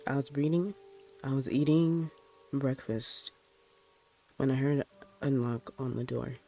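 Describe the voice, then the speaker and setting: A man narrates a spooky first-person tale in a mellow, dark-toned voice. His delivery is plain and unhurried, with soft music playing faintly underneath. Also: medium pitch, flat delivery, vocal fry. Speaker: storyteller. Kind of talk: reading a horror story aloud.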